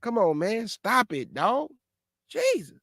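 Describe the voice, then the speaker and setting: High-voiced man preaching on a livestream. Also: normal speed, no room sound, studio quality. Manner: lively, exasperated, addresses viewers directly. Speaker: host of a live show.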